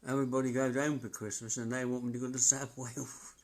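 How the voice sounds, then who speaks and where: A man working as a psychic medium, chatting casually on a live stream in a rambling, halting way and chuckling to himself. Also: medium pitch, level tone.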